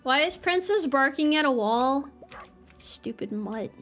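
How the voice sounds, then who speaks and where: During a casual farming-game stream, a young VTuber trades playful, self-mocking banter with her chat. She sounds high, animated and a bit bright, speaking unhurriedly over soft background music.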